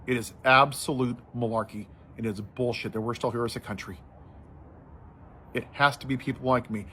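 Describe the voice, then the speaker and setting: A man giving impassioned social commentary, telling a story and then building to forceful outrage. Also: mid-range voice, fairly even intonation, normal speed, a little hiss or hum.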